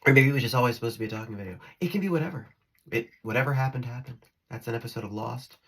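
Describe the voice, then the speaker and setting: A man's voice: mid-range voice, racing, fairly bright tone, slightly rough. A man talking to his phone camera in a rambling spiritual vlog, giggling and restarting his sentences as he drifts between topics. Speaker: spiritual vlogger.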